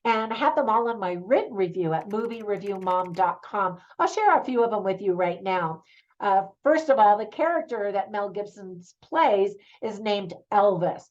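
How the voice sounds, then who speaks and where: A woman's voice: mid-range voice, expressive, moderate pace, a little mellow. Middle-aged lady chatting about a movie she saw, opinionated, laughs easily, kinda muffled audio. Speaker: movie reviewer. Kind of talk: casual spoken movie review.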